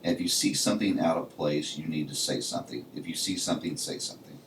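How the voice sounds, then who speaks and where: A man's voice: rumbling low, fast talker, noisy background. A man co-hosting a podcast, telling stories casually and saying "you know" all the time. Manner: says "you know" constantly, storytelling. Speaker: podcast co-host. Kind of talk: casual chat. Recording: distant mic in an echoey room.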